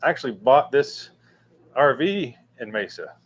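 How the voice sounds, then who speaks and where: A man's voice: mid-range voice, expressive, slightly rough. Rambling man chatting on a livestream. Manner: rambling, halting with many fillers and restarts. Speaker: livestream host answering chat. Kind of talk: casual live chat. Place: room with a fan running.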